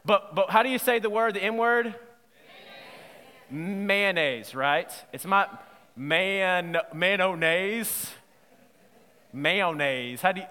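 A man preaching a sermon in a playful, lively way, quizzing his audience as he goes. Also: high voice, in a large hall. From Southern United States. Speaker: pastor.

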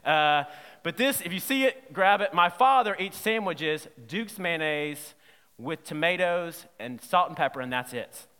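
A man preaching a sermon in a playful, lively way, quizzing his audience as he goes. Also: a little high, unhurried, clean tone, long reverb tail. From Southern United States. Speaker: pastor.

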